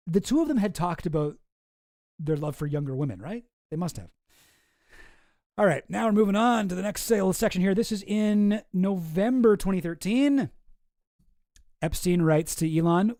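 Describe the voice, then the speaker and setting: Sardonic male streamer, mellow voice. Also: on the high side, animated, moderate pace, pauses often, no echo, clean studio sound. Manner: sardonic, reads messages aloud in mock voices. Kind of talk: casual livestream commentary.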